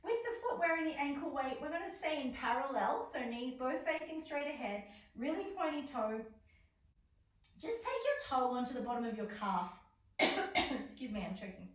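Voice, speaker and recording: A woman's voice: high voice, very animated, normal speed. A young adult woman leading a stretching class, counting reps and giving encouraging cues. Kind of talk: guided exercise class instruction. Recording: roomy echo, voice from far off.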